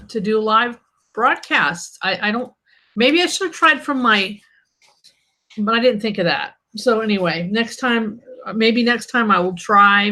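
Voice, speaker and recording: A woman hosts her own live stream as an author, chatting casually from her desk mic. Her voice is bright and forward, and she sounds irritated and snarky while laughing things off. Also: medium pitch.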